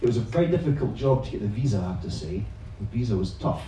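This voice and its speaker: This teacher trainer talks quickly, with a dark, lowish voice and lively intonation, as he spins a comic tale for a live audience, cursing often and poking fun at himself. A little hiss or hum sits under the recording. It comes from a large, very echoey room at an evening event, with the mic well away from him.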